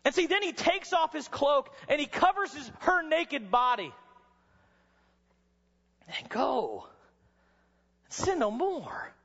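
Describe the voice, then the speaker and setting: A man preaching a sermon to college students, telling stories dramatically and sometimes rising to a shout. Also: very high voice, very animated, slow pace, long pauses. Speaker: chapel speaker. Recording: dull sound with long hall reverb.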